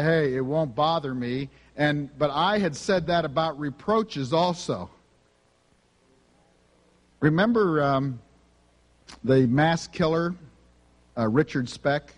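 A man's voice: mid-range voice, in a large hall. A man preaching a sermon, telling personal stories in an earnest, conversational way. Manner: earnest, conversational, self-confessing. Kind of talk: sermon storytelling.

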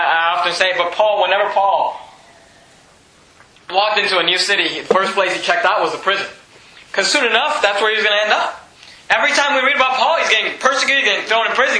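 High, bright-voiced preacher in an echoey room. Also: male voice. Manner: preaches with rising emphasis, repeating phrases, acting out the apostle's words. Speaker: pastor. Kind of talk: verse-by-verse sermon.

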